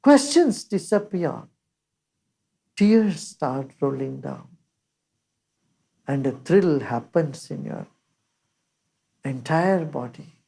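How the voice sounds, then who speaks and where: An older woman giving a measured spiritual discourse as a teacher, reciting scripture verses along the way. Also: sits low, lively intonation, vocal fry, warm tone, breathy edge.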